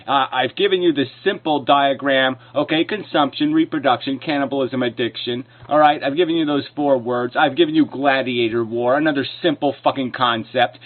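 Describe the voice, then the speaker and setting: A man tears into an argument in a scornful, profane rant. His voice has a narrow, phone-like tone, and his pitch sits in the middle range for a man. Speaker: video commentator responding to clips. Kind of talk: combative rant. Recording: lo-fi phone-like sound.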